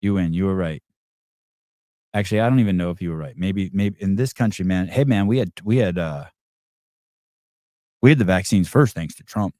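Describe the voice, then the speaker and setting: A man's voice: deep voice, normal speed, long pauses, warm tone, dry recording, clean studio sound. A man hosting a live call-in podcast, rambling in a sarcastic, profane way. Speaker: podcast host.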